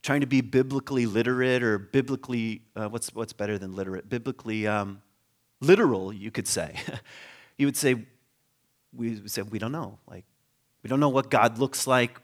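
A man delivers an informal, conversational teaching talk on biblical history, laughing often, posing rhetorical questions to listeners, and trailing off before restarting. He speaks at medium pitch and a moderate pace.

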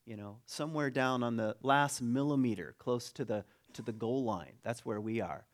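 A man's voice: medium pitch, moderate pace. A man preaching a conversational sermon, reading a passage aloud and breaking off into jokes and asides. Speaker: pastor.

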